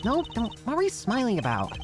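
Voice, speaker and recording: A man's voice: very high voice, huge pitch swings, fairly quick, voice pushed up, exaggerated voice. A man voicing a bubbly, teasing teenage girl stage magician as he reads game dialogue aloud. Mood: playful. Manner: teasing, chirpy and playful. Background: game music.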